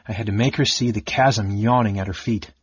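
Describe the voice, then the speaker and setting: A man reading an audiobook, voicing a cold, sardonic male mage who speaks softly and evenly. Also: on the low side, fairly even intonation, slightly rough, no echo, lo-fi sound. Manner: soft, measured, icy.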